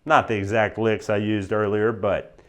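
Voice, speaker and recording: American guy teaching guitar, smooth clear voice, pumps up then drops back, lots of "okay?". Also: fairly low pitch, moderate pace. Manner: emphatic, animated, checks in with "right?" and "okay?". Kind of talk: instructional talk to camera.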